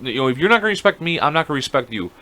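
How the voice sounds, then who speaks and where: A man's voice: on the high side, very animated, racing, bright, forceful tone. A man co-hosting a podcast, telling a story in casual chat, acting out quotes and swearing freely. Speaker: podcast co-host.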